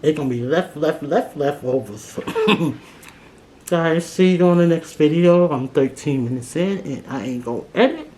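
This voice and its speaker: A woman's voice: low-pitched, lively intonation, moderate pace, few pauses, dark tone. A woman vlogger talking casually while she eats, often with food in her mouth and humming between bites. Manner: talks while eating, mouth full, hums between bites. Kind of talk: casual eating vlog.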